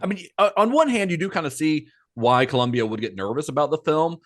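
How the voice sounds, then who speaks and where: A man hosting a film podcast, telling the production story in a relaxed, chatty way with frequent fillers. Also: a little high, fast talker. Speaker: podcast host. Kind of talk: casual film podcast narration.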